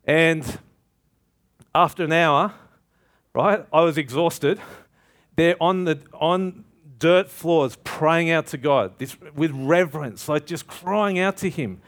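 Animated, higher-voiced man preaching a sermon. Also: takes it slowly. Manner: animated storytelling with laughter; conversational, asks "right?".

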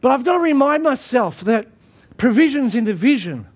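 Very high-voiced man preaching. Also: very animated, moderate pace, a little mellow, a little hiss or hum. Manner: emphatic preaching with repeated phrases. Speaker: pastor. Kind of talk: sermon.

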